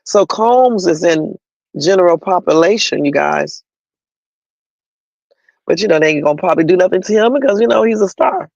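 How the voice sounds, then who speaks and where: High-voiced gravelly man on a livestream. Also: lively intonation, normal speed, pauses often, darkish tone, dry recording, dull audio. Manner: chatty and opinionated, addresses viewers directly. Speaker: livestream host. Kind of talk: casual news commentary.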